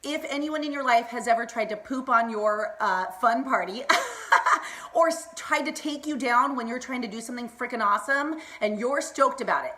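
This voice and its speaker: A woman's voice: fairly high pitch, moderate pace. Bubbly, fired-up woman live-streaming. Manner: bubbly, excitable, laughs often, greets viewers by name. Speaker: motivational vlogger hosting a live stream. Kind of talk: casual live-stream pep talk.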